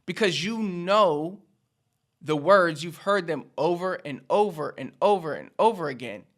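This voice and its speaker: A man with a slightly high, expressive voice and a fairly bright tone hosts a casual language lesson on camera. He is a language teacher and channel host who chats freely, repeats his points, and acts out quick casual speech.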